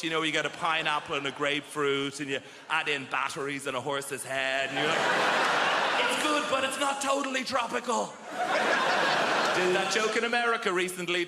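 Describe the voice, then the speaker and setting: High-voiced man doing stand-up in a hall. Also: heavy background noise. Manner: brisk storytelling with acted-out quotes and asides. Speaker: stand-up comedian. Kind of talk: stand-up routine. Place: large theatre stage. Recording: echoey theatre with loud crowd laughter.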